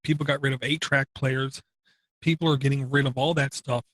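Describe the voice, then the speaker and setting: An older man with a mid-range voice talks bluntly in a casual podcast chat, quick to declare what people should give up. His tone is grumpy and opinionated. The sound is close and dry, with no room around it. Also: mid-range voice, level tone, a bit bright, no room sound. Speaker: podcast co-host.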